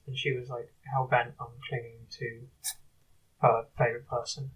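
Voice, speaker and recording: Husky man rambling in a video diary. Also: mid-range voice, flat delivery, recorded from a distance, phone-quality sound. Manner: halting, rambling, many restarts. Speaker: video diarist.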